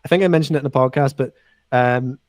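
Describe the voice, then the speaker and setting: A man's voice: mid-range voice, fast, darkish tone, dry recording, studio quality. A man co-hosting a game podcast, giving opinions and teasing the others. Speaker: podcast co-host. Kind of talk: casual chat about games.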